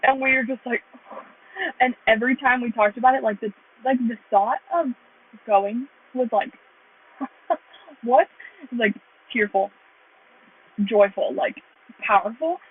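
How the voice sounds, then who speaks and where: A woman's voice: on the high side, a little slow, pauses often, slightly rough. A young American woman earnestly telling her faith testimony in a rambling way, full of "like". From United States. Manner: earnest, rambling, heavy use of "like". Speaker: vlogger sharing her testimony. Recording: tinny phone-like sound.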